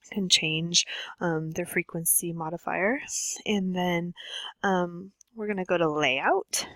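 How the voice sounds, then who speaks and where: A woman teacher with a bright, forceful voice and a slightly low pitch talks students through a computer tutorial. She goes step by step, patiently, with frequent ums. The recording is close and dry. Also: no room sound, low-quality recording. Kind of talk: screen-share tutorial lesson.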